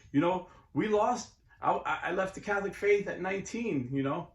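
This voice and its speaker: A man's voice: high voice, expressive, moderate pace, few pauses. A middle-aged man hosting his channel, talking casually and earnestly, sometimes rising into preachy bursts. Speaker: YouTube host and Catholic convert. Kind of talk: casual monologue. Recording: echoey room.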